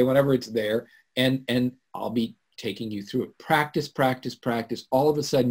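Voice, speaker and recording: A man hosting a live webinar, telling a story in an animated way that swings from loud to hushed. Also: medium pitch, breathy edge. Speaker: webinar host. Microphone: computer mic on a video call.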